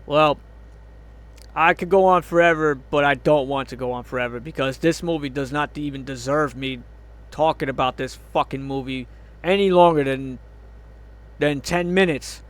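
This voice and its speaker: At a normal pace, this fairly high-voiced man tears into a movie in an angry review. He's a film critic who curses constantly, lets out exasperated groans, and breaks into incredulous laughter.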